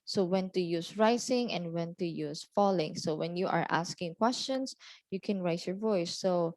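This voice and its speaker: A woman teaching exam speaking skills in a deliberate, explanatory way, often pausing on "okay" and "so" between points. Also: fairly low pitch, darkish tone, no echo. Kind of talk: explanatory lesson.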